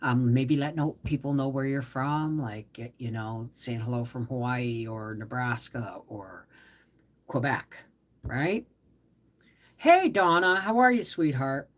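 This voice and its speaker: Slow, low-voiced tired woman host. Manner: slow, soft-spoken, trailing off, greeting viewers warmly by name. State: tired from a migraine. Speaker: livestream host. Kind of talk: casual live-stream chat.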